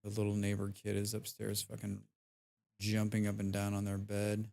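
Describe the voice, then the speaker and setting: A man's voice: lowish voice, completely flat delivery, normal speed, vocal fry, darkish tone. A man casually commentating his own game stream from home, muttering, humming and swearing as he plays.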